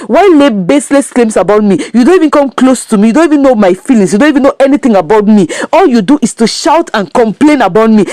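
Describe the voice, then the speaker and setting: A woman's voice: fairly high pitch, mellow, no echo, natural voice. A woman retelling the lines of a rude, hurt daughter who argues back at her father. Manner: pleading, then talking back.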